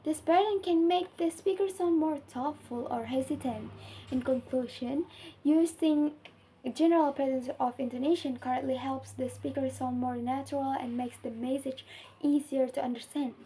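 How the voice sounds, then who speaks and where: Young woman, Indonesian accent, student reading an assignment, high voice, mellow tone, faint background hiss. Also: moderate pace, low-quality recording. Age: young adult. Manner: careful, earnest reading with small slips.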